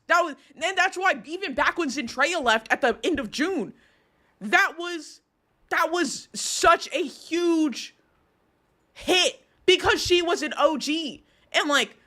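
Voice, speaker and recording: A woman's voice: very high voice, pushed and bright. A young woman streamer giving casual live commentary, rambling and heated, with lots of restarts and swearing.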